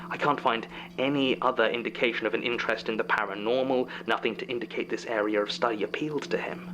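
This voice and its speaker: An actor playing a tense, secretive male archivist, speaking in a hushed, suspicious way. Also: medium pitch, fairly even intonation, fast talker, natural voice. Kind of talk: audio drama acting. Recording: audio drama with humming noise.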